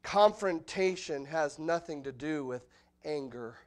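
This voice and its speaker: Pastor, middle-aged man, somewhat high pitch, lively expository sermon delivery. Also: a little slow. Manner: animated preaching, voice jumps high and loud when acting out quotes. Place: church sanctuary.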